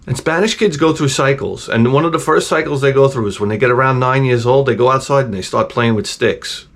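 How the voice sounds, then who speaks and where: A man's voice: medium pitch, a little fast. A middle-aged man hosting his own channel, telling rambling, profane stories in a casual, digressive way. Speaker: channel host.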